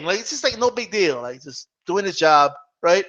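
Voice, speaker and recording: A man's voice: sits high, very animated, measured pace, pushed and bright, muffled recording. A man hosting a live boxing talk stream, ranting with profanity and mocking mimicry. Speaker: boxing channel host. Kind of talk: live Q&A rant.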